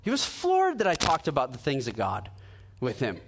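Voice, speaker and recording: A man's voice: medium pitch, moderate pace, background noise. Earnest man preaching conversationally. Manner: animated storytelling, acting out dialogue. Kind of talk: sermon with personal story.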